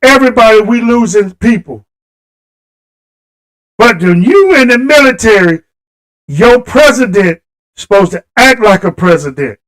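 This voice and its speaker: High-voiced guy going off on a livestream, heated, talking right at the viewers, aave. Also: animated, unhurried, long pauses, a bit bright, poor audio. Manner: impassioned, talks straight to viewers. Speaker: live stream host. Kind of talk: livestream political rant.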